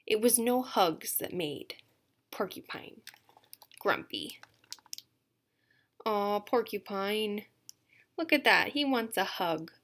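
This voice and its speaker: Here a female museum educator shares a picture book with young English learners, animated and full of repetition, sometimes dropping into a hushed whisper. Her pitch is mid-range, and there is slight noise in the background.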